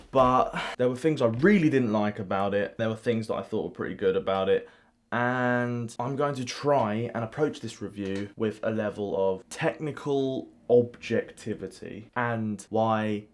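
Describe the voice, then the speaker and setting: A man reviewing a book, slipping from a hammy skit into casual talk. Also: fairly low pitch. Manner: theatrical, mock-villainous delivery.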